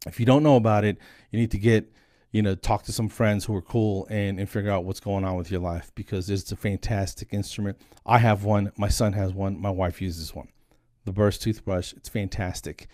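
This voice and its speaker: A man's voice: fairly low pitch, fairly even intonation, normal speed, a little mellow, no room sound, clean studio sound. A man in his forties rambling through a casual solo vlog monologue with self-deprecating jokes, filmed on a single static camera. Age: 40s. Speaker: comedian and dental hygienist.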